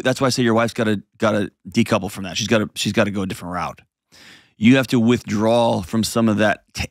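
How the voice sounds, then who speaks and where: A man's voice: fairly low pitch, no echo, clean studio sound. A man hosting a call-in advice show, blunt and emphatic, repeating phrases for weight. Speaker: host giving advice to a caller.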